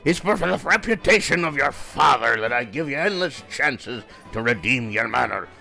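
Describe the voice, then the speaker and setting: A man's voice: mid-range voice, lively intonation, normal speed, vocal fry, sharp tone, soft background music, pitched above the performer's own voice. A man voicing a grumpy old male innkeeper who scolds in a haughty, quavering manner. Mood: scornful. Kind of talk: reading game dialogue aloud in a voice.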